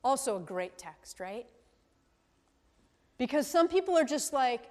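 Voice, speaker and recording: A woman pastor with a high, very animated voice and a darkish tone delivers a conversational sermon at a measured pace, pausing often. Like a teacher, she keeps checking in with the congregation through tag questions. The long reverb of a large hall fills the recording.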